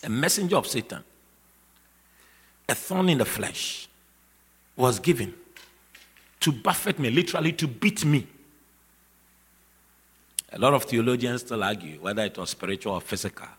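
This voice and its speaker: A man preaching a sermon emphatically, repeating key phrases and building to shouts. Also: mid-range voice, animated, moderate pace, long pauses, breathy edge. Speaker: pastor. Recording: long reverb of a large hall.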